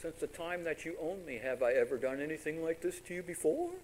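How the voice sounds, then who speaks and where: A man's voice: a little mellow, slight background noise, lightly acted, low-quality recording. A man voicing a faithful talking donkey that pleads with its master. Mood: hurt, pleading. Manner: high, slow, pleading.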